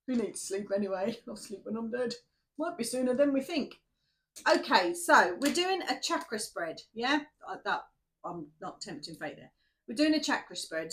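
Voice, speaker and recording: A woman's voice: fairly high pitch, a bit bright. Tired, chatty woman. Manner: chatty, rambling, laughs at herself. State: tired and shaky after night shifts. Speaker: tarot reader. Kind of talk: casual chat to viewers before a reading.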